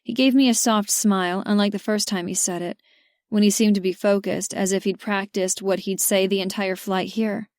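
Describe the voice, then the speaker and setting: A woman reading a romance novel aloud in the first person, with measured, steady narration. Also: medium pitch, no echo, studio quality. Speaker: audiobook narrator. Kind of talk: scripted narration.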